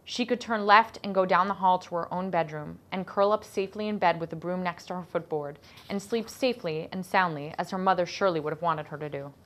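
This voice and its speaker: A woman, the author, reading her children's novel aloud in an expressive storytelling voice. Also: fairly low pitch. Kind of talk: audiobook-style narration of a children's novel.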